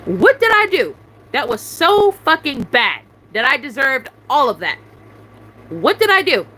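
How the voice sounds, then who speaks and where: Furious woman ranting, high and bright. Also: very animated, unhurried, low-quality recording. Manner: confrontational, repetitive demands, heavy swearing. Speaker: YouTuber venting on a live stream. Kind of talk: angry venting rant.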